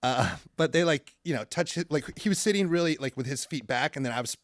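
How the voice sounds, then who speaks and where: A man's voice: fairly high pitch, fairly quick, dry recording, studio quality. A male comedian chatting as a podcast guest, telling stories and acting out the people in them. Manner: animated storyteller, acts out quoted people. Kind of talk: casual podcast chat.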